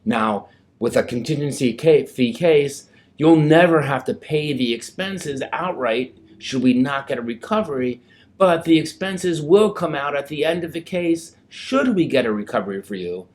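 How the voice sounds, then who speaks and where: A man's voice: on the high side, animated, moderate pace. A male lawyer explaining mediation to clients in a conversational, plain-spoken way. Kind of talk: explaining legal process.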